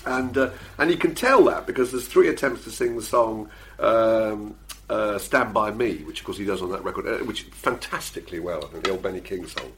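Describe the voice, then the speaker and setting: A man's voice: on the low side, fairly quick, fairly bright tone, a little hiss or hum. A middle-aged man, chatting casually as a podcast co-host, self-deprecating and full of fillers and restarts. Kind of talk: casual chat.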